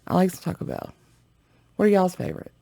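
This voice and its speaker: A woman's voice: lowish voice, huge pitch swings, fairly quick, creaky, warm tone. A woman hosting a reaction video, chatting casually and rambling to her viewers with frequent giggles.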